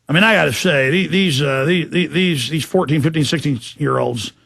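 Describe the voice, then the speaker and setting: Fired-up talk radio guy ranting, gravelly voice, dry close sound. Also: a little high, moderate pace, fairly bright tone, no room sound. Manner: impassioned, ranting. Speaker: talk show host. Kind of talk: political talk radio monologue.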